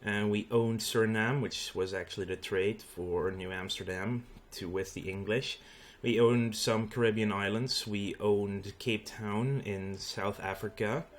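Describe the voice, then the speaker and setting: A man's voice: fairly low pitch, fairly even intonation, unhurried, few pauses, a little hiss or hum. A Dutch man with a Dutch accent hosting a let's play, explaining the game in a casual way with frequent fillers. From Netherlands. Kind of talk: gameplay commentary.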